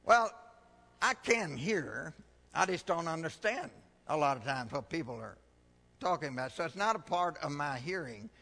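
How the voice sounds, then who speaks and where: A middle-aged man preaching a sermon, emphatic with big swings in pitch and loudness, telling a folksy joke along the way. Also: lively intonation, moderate pace, gravelly, long reverb tail. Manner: folksy storytelling.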